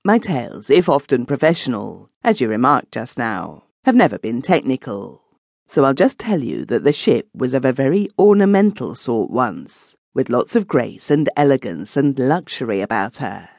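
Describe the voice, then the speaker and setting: Woman reading as a reflective man, sober storyteller, measured, dry close sound. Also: a bass voice, big pitch swings, vocal fry, a little mellow, no echo, exaggerated voice. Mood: musing. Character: thoughtful man telling a grim sea tale.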